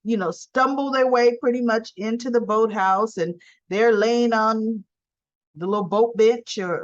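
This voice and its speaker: A woman recapping a soap opera episode in a chatty, rambling way full of fillers and asides. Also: medium pitch. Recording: dull lo-fi sound.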